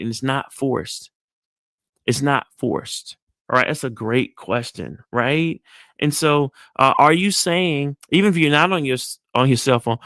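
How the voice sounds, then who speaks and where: A man's voice: vocal fry, dry recording, studio quality. A middle-aged man and psychologist, coaching an audience on dating in an emphatic, repetitive way, often asking "right?" and acting out friendly greetings. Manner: acts out friendly greetings in a high bright voice. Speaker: psychologist giving dating advice. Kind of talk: animated coaching talk with role-play demonstrations.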